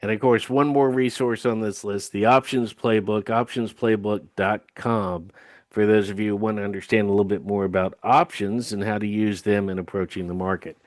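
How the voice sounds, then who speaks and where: A man's voice: fairly low pitch, fairly even intonation, moderate pace, no echo, clean studio sound. A man co-hosting a live trading webinar, polite and explanatory, pointing listeners to resources. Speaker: co-host. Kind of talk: casual live webinar talk. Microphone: video call.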